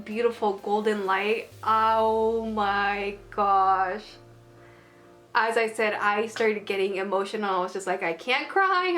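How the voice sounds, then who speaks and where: A woman's voice: medium pitch, a bit bright. A woman giving a casual, gushing and emotional review, full of fillers and exclamations. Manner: gushing and emotional, lots of "like" and "oh my goodness". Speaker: anime reviewer.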